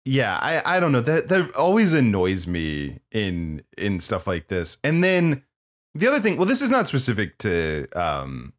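A man co-hosting a podcast, chatting casually about a movie with animated, opinionated remarks and frequent laughs. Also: on the low side, measured pace. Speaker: podcast co-host. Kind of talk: casual movie-review chat.

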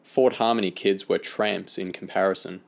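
Low-voiced man reading a novel. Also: steady tone, normal speed, gravelly. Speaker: audiobook reader.

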